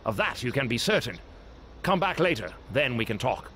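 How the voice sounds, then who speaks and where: An actor voicing an aloof, grumpy older village wizard in a video game, dry and condescending. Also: male voice, medium pitch, very animated, moderate pace, bright, forceful tone, slight background noise. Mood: disdainful.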